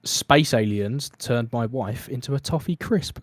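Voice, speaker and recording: A man's voice: mid-range voice, unhurried, dry recording, clean studio sound. A British man hosting a casual comedy podcast, telling a story with lots of laughs. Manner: lively storyteller, laughs often. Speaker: podcast host.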